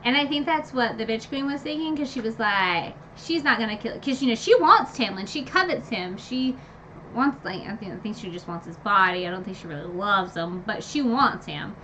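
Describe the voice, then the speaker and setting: A woman casually retelling a fantasy novel's ending, animated and gushing, with lots of fillers and sudden high squeals when excited. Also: normal speed, dull audio, slight background noise. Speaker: book review vlogger. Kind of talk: casual book recap.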